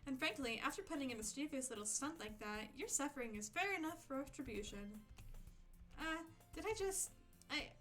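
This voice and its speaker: A woman's voice: high voice, expressive, fairly quick, fairly bright tone, soft background music. A woman voicing a shy, bookish teenage schoolgirl who stammers and hesitates. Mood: flustered.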